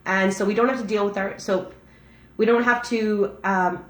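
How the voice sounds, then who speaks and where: A middle-aged woman, a massage therapist, talks through a daily reading in a gentle, searching way, often stopping and restarting her sentences. Her voice sits at an ordinary middle pitch for a woman. The room around her rings with noticeable echo. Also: steady tone. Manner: gentle, halting, with frequent restarts and fillers. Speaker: massage therapist and breathwork facilitator. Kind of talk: reflective daily-reading talk.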